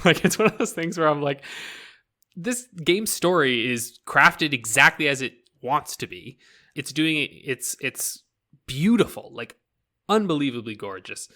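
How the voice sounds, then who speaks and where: A man from Canada in casual podcast chat, his voice bright and his pitch swinging widely. He talks animatedly, laughs a lot and drops casual swears. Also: very animated, moderate pace. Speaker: podcast co-host.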